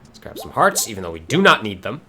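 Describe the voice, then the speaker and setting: Excitable man streaming a game. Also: fairly low pitch, fast talker, slight background noise. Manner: excitable, swears and laughs often. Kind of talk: casual gameplay commentary.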